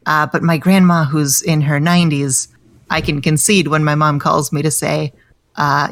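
Brief: American comedienne, 30s, low voice, dry close sound, rambling self-deprecating chat. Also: female voice, flat delivery, moderate pace, no echo. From United States. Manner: chatty, self-deprecating, many restarts and fillers. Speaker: comedian guest. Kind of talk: casual podcast chat.

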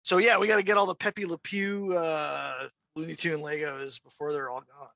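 A man's voice: fairly high pitch, steady tone, normal speed, creaky, bright, forceful tone, dry recording. A man co-hosting a podcast in casual chat, telling stories with many restarts and asides. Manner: rambling storyteller with restarts. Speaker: podcast co-host.

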